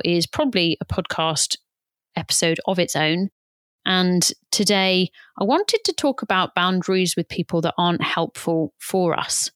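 A woman's voice: fairly low pitch, fairly bright tone, no echo, studio quality. A British woman in her thirties hosting a podcast, talking in a candid, casual way and occasionally swearing. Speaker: podcast host and birth recovery coach.

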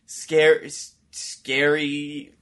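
A man's voice: on the high side, level tone, very slow, a bit bright. A man co-hosting a comedy podcast, adding jokes in a dry, matter-of-fact way during casual chat. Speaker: podcast co-host.

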